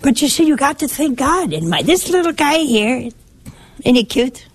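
An older woman giving a sermon in a conversational, lively way, teasing and chiding her listeners affectionately. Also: high-pitched, moderate pace. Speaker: preacher.

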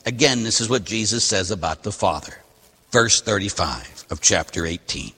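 A man delivers a Catholic sermon with a bright, slightly husky voice, swinging between loud emphatic lines and hushed, slowed phrases. His lively pitch carries a long, ringing church reverb. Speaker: Catholic priest. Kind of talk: sermon with scripture reading.

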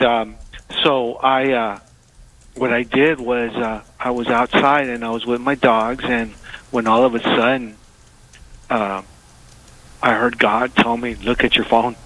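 A man calling into a radio show, telling a story haltingly with many pauses and fillers. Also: medium pitch, fairly bright tone, dry recording, rough recording. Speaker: caller.

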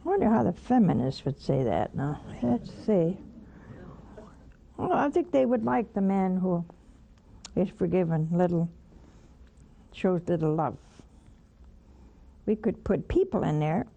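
A woman's voice: lowish voice, lively intonation, unhurried, gravelly, pauses often, mellow, breathy edge, dull audio. A woman giving a spoken sermon, blunt and teasing, with pointed asides to her listeners. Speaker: religious broadcaster teaching scripture.

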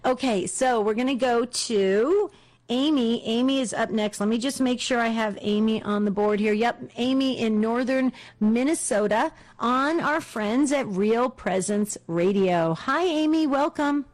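A woman's voice: on the high side, unhurried, a little mellow. Bubbly woman radio host. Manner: bubbly, laughs often, effusive thanks. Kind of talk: call-in radio chat.

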